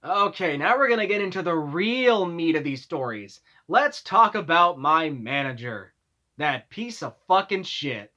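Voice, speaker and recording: A man's voice: on the high side, very animated, a little slow, bright, forceful tone. A young man vlogging, telling workplace stories in a casual, exasperated rant full of swearing. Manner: profane, exasperated ranting.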